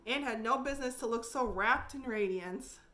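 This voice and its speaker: A woman librarian reading a classic novel aloud, clear and expressive with small restarts. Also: fairly high pitch, moderate pace. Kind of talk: storybook read-aloud.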